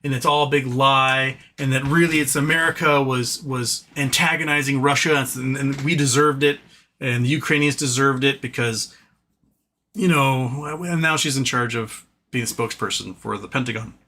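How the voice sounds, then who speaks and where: A man's voice: mid-range voice, fairly even intonation, moderate pace, bright, forceful tone. A man hosting a livestream, ranting casually about politics, reading viewer chat aloud and talking to his pet between comments. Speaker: livestream host.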